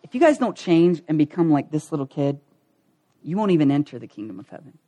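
A preacher voicing a patient, weary male teacher who speaks low and sighs. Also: flat delivery, moderate pace, lightly acted. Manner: low, sighing, gentle.

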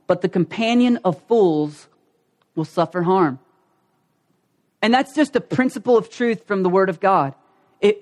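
A middle-aged man with a Southern Ohio accent preaching a sermon as pastor, folksy, repeating key phrases and asking the congregation questions. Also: high-pitched.

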